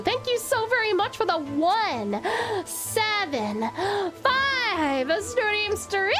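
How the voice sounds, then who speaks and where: A young woman chats warmly with her viewers while she plays a game, calling them honey and cursing casually. Her voice is high and highly animated. Game music plays clearly underneath. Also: drawn-out words. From Tasmania, Australia. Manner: bubbly, affectionate, swears casually. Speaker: streamer. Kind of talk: live game stream chat.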